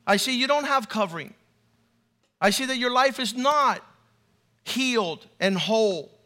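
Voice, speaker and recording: A man preacher voicing a mocking critic of churchgoers, in a high bright voice. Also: lively intonation, measured pace, exaggerated voice. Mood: scornful.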